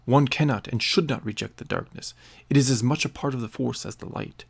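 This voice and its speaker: A man voicing a cold, calm young man who has turned toward darkness in a read-aloud story. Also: mid-range voice, a little fast, gravelly, slightly rough.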